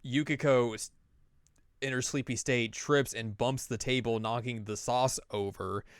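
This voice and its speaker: A man hosting a podcast chats in a relaxed way, recapping an anime and acting out its scenes. His voice is smooth and clear at a middle pitch, heard dry and close to the mic. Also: a little slow, no echo. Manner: chatty, acts out the scenes he recaps. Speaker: podcast host. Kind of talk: casual chat recapping an anime.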